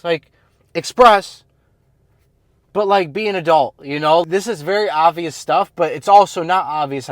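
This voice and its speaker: Male self-improvement coach, blunt casual monologue, slightly high voice, dry sound. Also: no room sound. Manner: blunt, slangy, filler-heavy talk.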